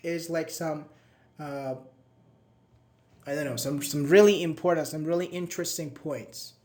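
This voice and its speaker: A man's voice: a little high, measured pace, darkish tone. A male teacher, leading a live online class in a chatty, encouraging way, praising students by name and asking them questions. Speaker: English teacher.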